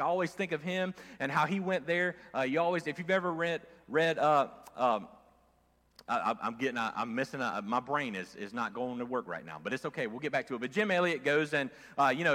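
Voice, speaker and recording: A man preaching a sermon in a relaxed, conversational way, his slightly high voice swinging lively up and down as he leans into points and drops to near quiet. A long reverb from a church hall trails his words. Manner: conversational preaching, swinging from loud emphasis to quiet, with fillers and restarts. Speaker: pastor. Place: church sanctuary.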